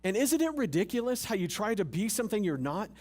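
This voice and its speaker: Lively, joking male pastor preaching. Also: sits high, fast talker. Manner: conversational, humorous preaching with rhetorical questions. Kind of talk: sermon. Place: church service.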